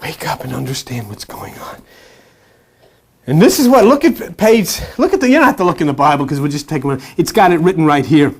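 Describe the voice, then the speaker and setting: A preacher giving an impassioned sermon, blunt and repetitive, swinging from low murmurs to sudden loud outbursts. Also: lively intonation, fast talker, hardly any pauses. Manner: blunt, repetitive, earthy slang.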